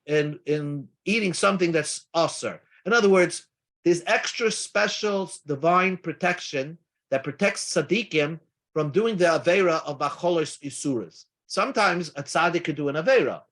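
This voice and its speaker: In this Daf Yomi class, the teacher's voice is a little high with a fairly bright tone. He works through Talmud readings haltingly, often starting over, and switches back and forth between Hebrew-Aramaic passages and English.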